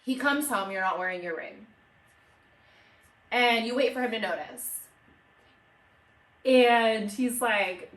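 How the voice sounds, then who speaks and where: A woman's voice: a little high, slow, long pauses. A young woman co-hosting a podcast, telling stories with lots of swearing and acted-out quotes. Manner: animated storytelling, swears freely, acts out quotes. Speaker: podcast co-host. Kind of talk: casual chat. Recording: echoey room, mic at a distance.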